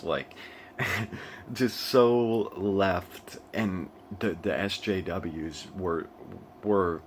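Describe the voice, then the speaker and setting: Deep-voiced young man rambling to camera. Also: drawn-out words, a little hiss or hum. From United States. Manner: rambling, with frequent restarts and laughs. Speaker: vlogger. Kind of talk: casual monologue. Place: living in Asia.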